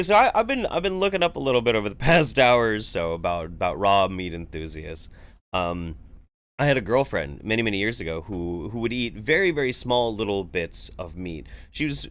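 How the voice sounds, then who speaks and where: A man's voice: fairly low pitch, fairly bright tone. A man hosting a casual livestream, reacting to a video with sarcastic, rambling, profane commentary. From United States. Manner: sarcastic, swears, rambling with restarts. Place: home, Eugene area.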